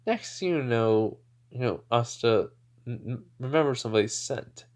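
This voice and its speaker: A man's voice: medium pitch, lively intonation, normal speed. A man casually improvising a fan story, rambling with many "you know" fillers.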